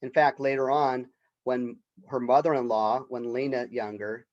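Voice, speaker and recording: A man's voice: mid-range voice, flat delivery, a little slow, a little mellow, dull audio. A male college professor giving a recorded literature lecture in a conversational way, often checking in with "right?".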